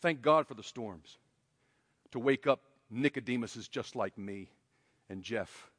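A male pastor preaching a sermon in a church, emphatic and swinging between loud, raised passages and quiet, hushed ones. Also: medium pitch, measured pace. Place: church sanctuary. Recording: long hall reverb.

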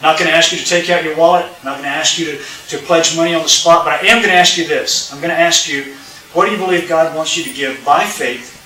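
A preacher tells a story in his sermon, acting out its voices and calling out to the congregation. His voice is bright and forceful, a touch high for a man. It rings through a roomy church, picked up from a distance. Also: fast talker. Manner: animated, acts out dialogue, addresses congregation. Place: church sanctuary. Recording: roomy sound from a distant mic.

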